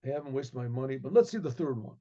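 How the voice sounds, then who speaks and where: A man's voice: mid-range voice, expressive, fast talker, warm tone, close to an everyday voice. A man voicing a proud, demanding king in a told story, with grand, impatient royal speech on a dull lo-fi recording. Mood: pleased. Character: proud, demanding king who commissions paintings. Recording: dull lo-fi sound.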